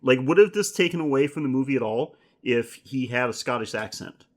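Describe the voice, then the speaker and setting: A man's voice: medium pitch, brisk. A man co-hosting a horror film podcast in casual chat, rambling, swearing and laughing often. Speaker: podcast co-host.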